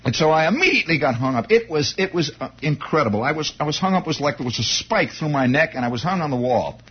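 A man telling a comic first-person story in an excitable way, stammering and restarting as he builds up, on a dull lo-fi recording. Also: fairly high pitch, quick pace, slightly rough.

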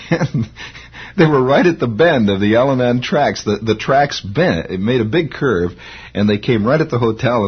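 A man's voice: lowish voice, breathy edge. A male radio host telling rambling stories, chuckling as he talks, on a lo-fi old radio recording. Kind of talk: nostalgic storytelling.

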